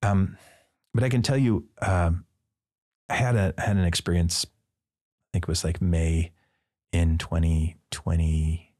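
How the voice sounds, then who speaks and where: A man's voice: deep voice, steady tone, takes it slowly, pauses often, mellow. A man, a priest and podcast guest, telling a personal story in casual conversation and acting out the dialogue with playful asides. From Midwestern United States.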